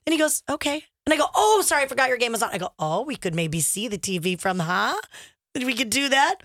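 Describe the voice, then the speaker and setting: A woman's voice: fairly high pitch, quick pace, dry recording, studio quality. A woman co-hosting a radio show, chatting casually and acting out quotes as she tells stories. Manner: animated storyteller acting out quotes. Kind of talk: casual chat.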